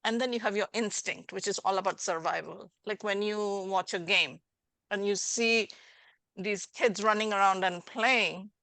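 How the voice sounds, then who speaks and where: A woman's voice: mid-range voice, moderate pace, vocal fry, fairly bright tone, dry recording. A middle-aged woman hosting a podcast as a life coach, talking animatedly and acting out little scenes in dialogue. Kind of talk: casual interview chat.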